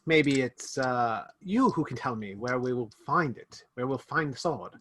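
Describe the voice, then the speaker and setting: A man voicing a posh, menacing British gentleman in a Victorian suit, speaking with mock courtesy. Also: medium pitch, expressive, unhurried, voice pushed down. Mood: smooth. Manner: polished, mock-courteous, threatening.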